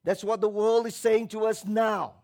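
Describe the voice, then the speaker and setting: A man preaching with a high, raised voice. He is emphatic, calls on the congregation to answer him, and mocks the voices of others as he goes. His delivery swings between loud exhortation and low, quiet asides. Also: level tone, normal speed, creaky. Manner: acts out quoted voices with mocking tones. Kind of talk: sermon.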